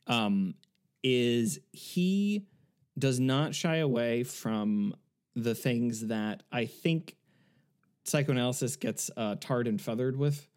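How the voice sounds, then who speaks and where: A man's voice: medium pitch, expressive, slow pace, darkish tone, clean tone. A man co-hosting a casual podcast chat, telling a long anecdote with many fillers and restarts. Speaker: podcast co-host.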